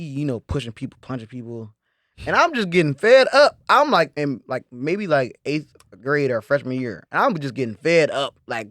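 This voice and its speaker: A young man rattles off stories fast, his voice a touch high, profane and quick to laugh. He is close on a dry studio mic, in a relaxed podcast chat. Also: no echo. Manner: rapid anecdotes, profane and laughing. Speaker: podcast co-host. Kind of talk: casual banter.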